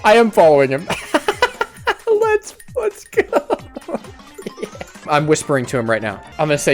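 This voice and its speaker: A man's voice: a little high, huge pitch swings, measured pace, soft background music. Giggly young man telling a story. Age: 20s. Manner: giggly storytelling, laughs a lot. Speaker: streamer. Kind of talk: casual stream chat. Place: bedroom.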